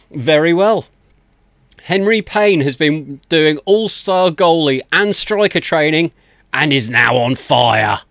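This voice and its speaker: A man's voice: on the high side, no room sound. A man hosting a livestream, chatting casually and self-deprecatingly as he greets viewers one by one, close to a desk microphone. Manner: chatty, self-deprecating, frequent laughs and thank-yous. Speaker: livestream host. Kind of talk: casual chat to stream viewers.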